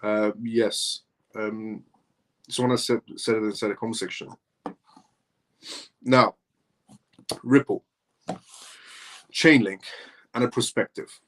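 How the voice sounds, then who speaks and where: A man's voice: on the low side, steady tone, slow, pauses often, fairly bright tone. A man hosting a live crypto news show, reading articles aloud and answering comments in a loose, filler-heavy way. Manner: loose, filler-heavy talk with frequent "um" and "essentially".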